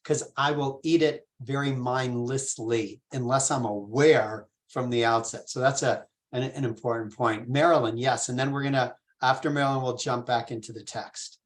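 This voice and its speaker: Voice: mid-range voice, fairly even intonation, normal speed, few pauses. Rabbi teaching a casual text class; patient, informal, asks the group questions. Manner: informal, with fillers and restarts. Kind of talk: conversational Torah class.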